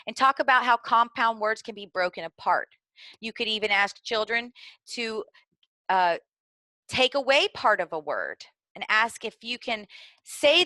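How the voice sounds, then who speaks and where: Bright-voiced Southern woman teaching teachers. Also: on the high side, a little slow, no echo. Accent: Southern American. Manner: earnest, explanatory, occasional fillers and restarts. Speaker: early literacy trainer. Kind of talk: instructional video for teachers.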